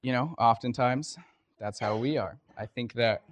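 A man's voice: medium pitch, measured pace, slight background noise. A man preaching a casual sermon, talking conversationally with lots of fillers and telling a story.

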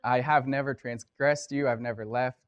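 A man's voice: mid-range voice, steady tone, normal speed, clean tone, no echo, lo-fi sound, natural voice. A man as a resentful young son, indignant, whiny, dry sound.

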